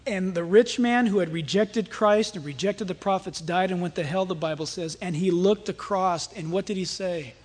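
A man preaching a sermon and leading prayer, talking emphatically and swinging between loud and soft. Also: high-pitched, moderate pace, hardly any pauses. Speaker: pastor.

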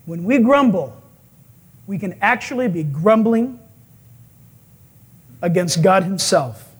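A male pastor preaching a sermon, telling stories with animated acted-out quotes and chuckles. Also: high voice, slow pace, slightly rough.

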